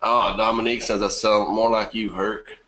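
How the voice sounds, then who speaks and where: A man's voice: on the low side, level tone, normal speed, bright, forceful tone. A man with a bad cough hosting a live webinar in a casual way, greeting viewers by name from the chat and laughing often. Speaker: webinar host.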